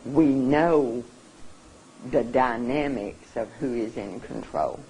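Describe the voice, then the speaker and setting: Seminar speaker, mid pitch, very slow, openly emotional and halting delivery. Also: darkish tone, a little hiss or hum, poor audio. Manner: halting and earnest, often restarting. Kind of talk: emotional public talk. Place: seminar room.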